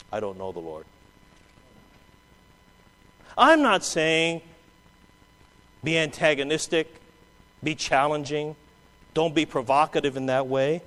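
A man preaching a sermon, swinging between loud quoted outbursts and low, quiet asides. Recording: long hall reverb.

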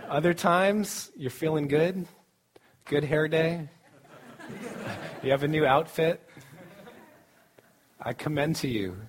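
A middle-aged man preaches at a student camp in a relaxed, joking way. His voice sits a bit high, and he takes his time, drawing out his phrases. He laughs easily between points. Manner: joking, laughs often, slow and deliberate. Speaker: campus ministry speaker. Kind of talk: casual sermon at a student camp.

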